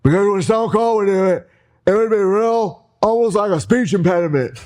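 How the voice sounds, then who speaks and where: A man who works as a speech coach, hosting and giving instructions in an animated chat. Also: high-pitched, moderate pace.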